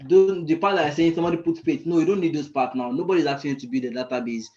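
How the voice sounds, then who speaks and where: Slightly high-voiced man teaching code live. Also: rapid-fire, dark tone, muffled recording. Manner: thinks aloud, often searching for words. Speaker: frontend coding mentor. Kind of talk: live screen-share coding lesson.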